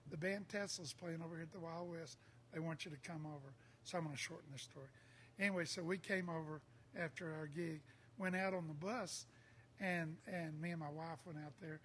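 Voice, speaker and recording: A man, telling a lively bar story in a casual chat and acting out the people he quotes. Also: a little high, a little hiss or hum. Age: 60s. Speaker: songwriter guest.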